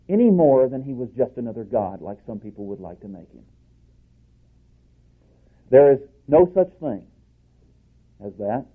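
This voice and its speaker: A man's voice: medium pitch, animated, unhurried, long pauses, breathy edge. Emphatic preacher man on a tinny line. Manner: emphatic, swings from loud declarations to hushed asides. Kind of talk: sermon. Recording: tinny phone-like recording.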